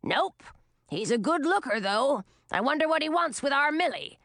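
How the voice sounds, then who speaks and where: A woman voicing a cranky old female witch in a storybook, with a raspy, snappish, scornful voice. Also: high voice, big pitch swings, normal speed, a bit bright, no echo, studio quality, voice pushed up, exaggerated voice. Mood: wry.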